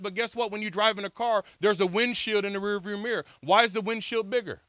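A man preaching a sermon at an outdoor beach service, telling his own testimony with passion and big swings in loudness. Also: high-pitched, fairly even intonation, fast, hardly any pauses, clean tone, dry recording.

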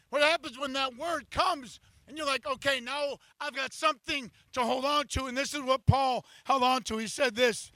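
A male pastor delivers an impassioned sermon at an outdoor beach service. His voice sits unusually high and bright, and his intensity climbs until he shouts at the peaks. The sound is dry and close to the mic. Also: steady tone, moderate pace, few pauses, no room sound.

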